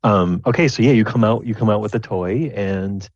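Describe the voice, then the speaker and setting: A man's voice: fairly low pitch, moderate pace, a little mellow, no echo. A man narrating as game master of a tabletop game, rambling with many restarts. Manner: rambling, full of restarts and fillers, slips into character voices. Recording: dull, lo-fi dry recording.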